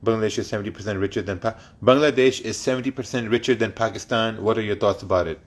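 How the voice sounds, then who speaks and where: A man's voice: fairly low pitch, fairly even intonation, fast. A man hosting a trading livestream, reading chat questions aloud and answering them bluntly, with plenty of swearing and laughter.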